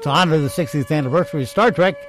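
A man's voice: fairly high pitch, rapid-fire, music in the background. Offhand male radio host. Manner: offhand, hesitant with ums. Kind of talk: casual radio chat.

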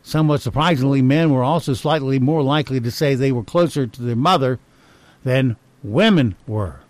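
A man with a mid-range, slightly mellow voice hosts a radio show, reading poll results and fun facts at a moderate pace. His casual banter is wry, with dry little asides, and the recording has no room sound.

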